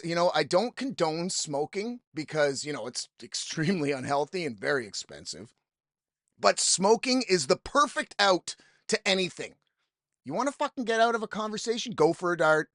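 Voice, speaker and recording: A man's voice: sits high, lively intonation, normal speed, a bit bright, no echo, clean studio sound. A man hosting a podcast, telling a story in an exasperated, profane, rambling way, often quoting people he met. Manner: profane, exasperated ranting with quoted asides. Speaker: podcast host. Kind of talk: casual storytelling monologue.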